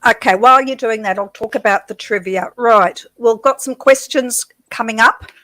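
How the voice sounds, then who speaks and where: Giggly higher-voiced woman co-host. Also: moderate pace, fairly bright tone, no echo. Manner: giggly, reads viewer comments aloud. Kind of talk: casual live-stream chat.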